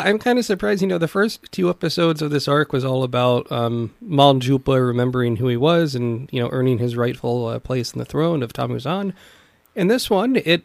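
Gravelly-voiced man chatting thoughtfully. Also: medium pitch, no echo. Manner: relaxed, thoughtful, hesitant with fillers. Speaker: podcast co-host. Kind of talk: casual chat about a cartoon series.

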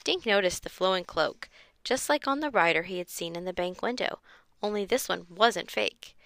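A woman's voice: on the low side, expressive, moderate pace, fairly bright tone, dry recording. A woman reading a children's chapter book aloud and acting out the characters' voices. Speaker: reader.

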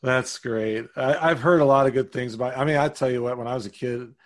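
A man's voice: mid-range voice, fairly quick. A man hosting an interview, prompting with short replies and eager questions. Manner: short encouraging backchannels, eager fan questions. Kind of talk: casual interview.

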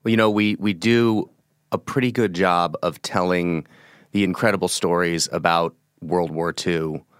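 A man hosting a podcast interview, speaking in a measured, earnest way. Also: low voice, fairly even intonation, clean tone, no room sound, studio quality. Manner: measured, earnest, closing remarks. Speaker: podcast host. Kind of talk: interview host.

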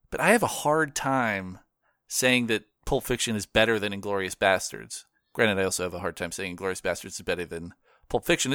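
A man hosting a casual film discussion podcast, animated and quick to laugh, often restarting his sentences. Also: medium pitch, no room sound, studio quality. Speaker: podcast host.

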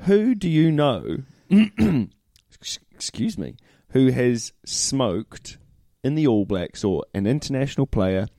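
A man co-hosts a casual podcast in a warm, mellow voice with lively swings in pitch. He banters in a laid-back way, calling his co-host "mate" and ending lines with tag questions. The sound is dry and close. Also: slow, gravelly, no room sound. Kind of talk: casual chat.

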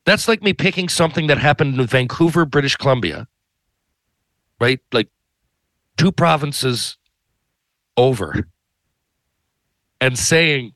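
A man's voice: mid-range voice, lively intonation, measured pace, long pauses, a bit bright, no room sound. Rambling man, dry close sound. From Newfoundland, Canada. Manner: rambling, profane, tags lines with "right?". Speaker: podcast host. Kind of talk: casual monologue.

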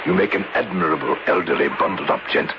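An actor playing a courteous, resolute gentleman investigator who speaks in a measured way, in a muffled old radio recording with hiss. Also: rumbling low. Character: composed gentleman sleuth, resolute and polite. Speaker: narrator and lead character. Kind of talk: 1940s radio acting.

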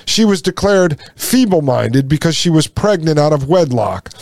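A man's voice: fairly high pitch, darkish tone, dry recording. Indignant man, dry close sound. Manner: indignant, repeats lines, addresses listeners as folks. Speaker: podcast host. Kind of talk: impassioned commentary.

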